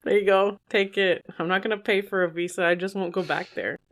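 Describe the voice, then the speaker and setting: A woman's voice: lowish voice, steady tone, quick pace. A woman co-hosting a podcast in casual chat, explaining things with asides and laughing as she talks. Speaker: podcast co-host.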